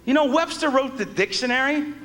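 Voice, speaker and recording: A man's voice: extremely high pitch, fairly quick, in a large hall. A man doing stand-up comedy in front of a live audience, chatty and jokey with lots of asides. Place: stage before a live audience. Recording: live show with audience and noise.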